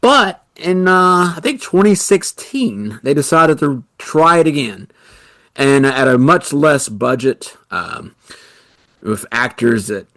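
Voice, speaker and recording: A man's voice: medium pitch, gravelly, a bit bright, no room sound. A man co-hosting a podcast, chatting casually and rambling with lots of fillers. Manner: rambling, many "you know" fillers. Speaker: podcast co-host. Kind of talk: casual chat.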